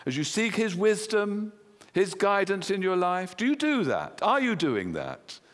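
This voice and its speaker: A man's voice: high-pitched, big pitch swings, measured pace. A man with an English accent preaching a sermon in a church, earnestly putting questions to the congregation. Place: church hall. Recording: long hall reverb.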